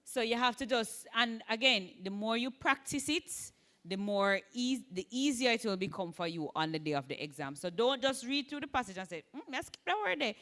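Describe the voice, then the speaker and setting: Jamaican woman, Spanish teacher, bright and tense-edged voice, exam-prep lecture, keeps asking "right?". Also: on the high side. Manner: frequent "right?" checks, lively emphasis, models Spanish words slowly.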